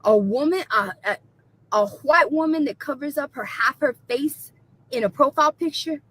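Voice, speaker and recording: A woman with a high, bright and sharp voice rants to camera. She swears freely and mocks her critics, staying defiant throughout. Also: normal speed, low-quality recording. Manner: profane, mocking and defiant. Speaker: video creator being reacted to. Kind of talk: angry rant to camera.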